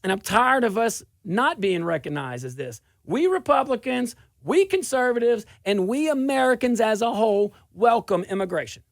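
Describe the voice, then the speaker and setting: A middle-aged man from South Louisiana hosts a political talk show with a gravelly edge to his voice. He delivers an animated, sarcastic monologue and often laughs at his own points. The recording is dry and close. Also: extremely high pitch, normal speed, hardly any pauses, no echo.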